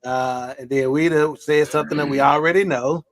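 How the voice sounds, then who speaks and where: A man's voice: a little high, fairly even intonation, moderate pace, crowd noise. A man hosting a casual live-stream talk show, reading out viewer comments in an easygoing, teasing way. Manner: easygoing, teasing, many fillers. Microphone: live stream video call.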